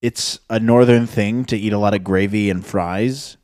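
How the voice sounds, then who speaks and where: A man's voice: fairly low pitch, steady tone, moderate pace, darkish tone, no room sound, clean studio sound. A man hosting a casual podcast chat, blunt and sweary, reading captions aloud. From United States. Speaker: podcast host.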